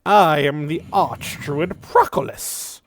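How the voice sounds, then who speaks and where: A man's voice: slow pace, background noise. A man voicing a jolly old male skeleton archdruid who chuckles at his own jokes. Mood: jovial. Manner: booming chuckling theatrical old voice.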